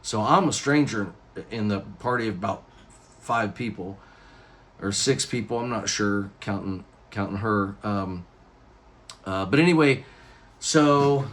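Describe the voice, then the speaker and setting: A man recounting a personal story straight to the camera in a loose, rambling way. He trips over his own words and restarts often, and his voice sits at an ordinary middle pitch for a man. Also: a little hiss or hum. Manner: rambling, animated retelling with many restarts and acted quotes. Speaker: YouTuber.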